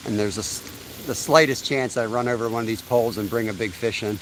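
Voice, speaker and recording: A man's voice: fairly low pitch, fairly even intonation, brisk, slight background noise, low-quality recording. A man in his thirties hosting a live fishing stream outdoors by a creek, chatting in a laid-back way and laughing often. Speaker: fishing livestream host. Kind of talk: casual live-stream chat.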